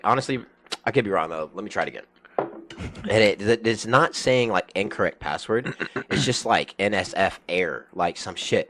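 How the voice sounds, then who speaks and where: A young man telling a work story on a podcast in casual chat, cursing freely and swinging from low mutters to loud outbursts. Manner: animated storyteller, swears a lot, swings from mutters to yelling.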